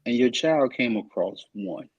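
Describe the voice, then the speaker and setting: A man's voice: medium pitch, a little slow, breathy edge, no room sound, dull audio. A man co-hosting a podcast, casually asking a guest a hypothetical question. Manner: relaxed, poses hypothetical questions. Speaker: podcast co-host. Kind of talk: casual interview chat.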